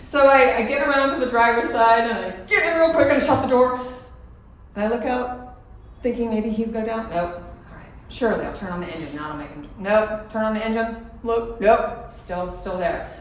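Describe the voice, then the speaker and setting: A woman's voice: fairly high pitch, normal speed. Middle-aged woman telling a story in an echoey hall. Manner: animated, breaks into laughter mid-sentence. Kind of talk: live storytelling on stage. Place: large hall at a live event. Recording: echoey hall, picked up from a distance.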